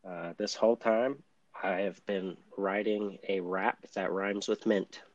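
A man's voice: low voice, fairly even intonation, unhurried, no room sound, dull audio. A man in a casual chat, making goofy, self-mocking asides.

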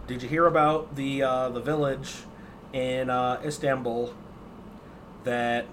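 A man co-hosting a podcast, trading deadpan, profane jokes in casual banter. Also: mid-range voice, takes it slowly. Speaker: podcast co-host. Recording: background noise.

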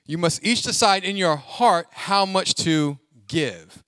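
A man preaching a sermon as pastor, animated and joking, calling on the congregation to finish his lines. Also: sits high, slow, few pauses, clean tone, no echo. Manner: call-and-response preaching, asks congregation to fill in words; animated, jokes and laughs, sings snatches.

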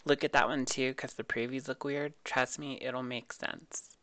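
A man's voice: medium pitch, steady tone, normal speed, pushed and bright, no room sound. A man co-hosting a casual podcast chat, chiming in eagerly with short recommendations. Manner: enthusiastic, chimes in with short recommendations. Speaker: podcast co-host.

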